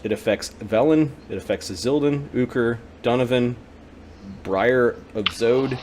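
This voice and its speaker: A man's voice: medium pitch, unhurried, a little mellow, a little hiss or hum. A man acting as game master, narrating a tabletop game and working through rules, with many fillers.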